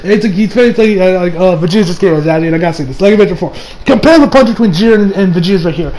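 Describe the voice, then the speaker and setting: A man giving a casual, excitable anime review, rambling and swearing with bursts of loud laughter. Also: high voice, racing, poor audio. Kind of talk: casual reaction commentary.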